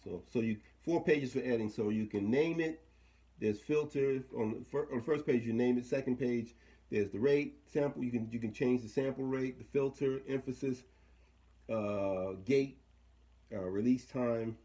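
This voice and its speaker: A man's voice: medium pitch, moderate pace, dark tone. A man talking casually through a hands-on equipment demo, thinking aloud and trailing off mid-sentence. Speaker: equipment demonstrator.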